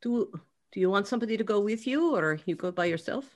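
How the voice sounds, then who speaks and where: A tabletop role-playing game player who talks eagerly and reacts quickly. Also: mid-range voice, animated. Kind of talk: casual tabletop play.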